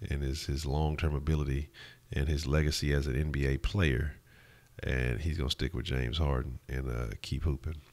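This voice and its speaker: A man's voice: extremely low pitch, a bit bright. A man hosting casual sports talk, loose and profane, rambling with restarts while answering chat. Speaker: sports talk show host.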